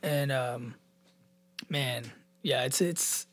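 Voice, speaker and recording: A man's voice: medium pitch, drawn-out words, a bit bright. A man in a casual podcast chat who mostly backs up his partner, calling him "dude". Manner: affirming listener, says "dude" and "yeah".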